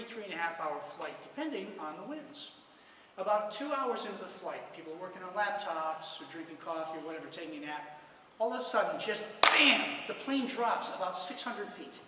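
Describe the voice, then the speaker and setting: A middle-aged man giving a conference talk to financial advisors as a lively, joking storyteller. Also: sits high, noisy background. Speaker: financial services conference speaker. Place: large conference hall. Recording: echoey hall, from far off.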